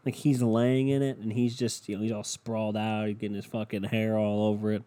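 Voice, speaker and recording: Brief: young male podcast host, profane rambler, lowish pitch, soft dark tone. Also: level tone, brisk, few pauses. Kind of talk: casual solo monologue. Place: at home in bed with his dog. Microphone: home podcast mic.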